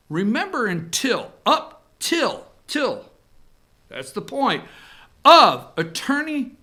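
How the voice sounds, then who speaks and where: A man's voice: high-pitched, bright, forceful tone. A male talk show host giving a sarcastic opinion monologue on the news, speaking straight to his viewers. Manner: sarcastic, talks to viewers directly.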